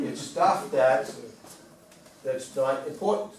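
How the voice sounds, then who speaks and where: A man's voice: medium pitch, a little slow, a little mellow. A man presenting a wellness talk to a small group, conversational and asking the audience questions. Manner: conversational, asks the audience questions, repeats points. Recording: roomy, from far off, faint room noise.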